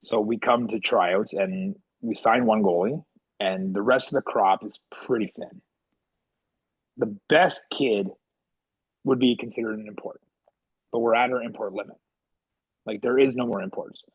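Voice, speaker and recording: Animated husky man telling stories. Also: measured pace, long pauses, no echo, muffled recording. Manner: animated, acts out quotes with big pitch jumps. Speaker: podcast co-host and goalie coach. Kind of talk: casual storytelling chat.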